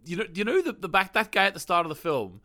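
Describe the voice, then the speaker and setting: A man's voice: high voice, big pitch swings, fast, sharp tone. A man co-hosting a movie podcast, chatting casually, laughing often and sharing film trivia. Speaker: podcast co-host. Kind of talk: casual chat.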